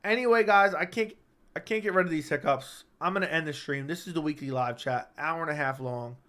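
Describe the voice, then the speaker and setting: A man with a slightly raised voice hosts a relaxed live-stream chat, reading viewer comments and answering them. He is stuck with hiccups, so his sentences come out halting and keep restarting. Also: on the high side. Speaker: MMA channel host.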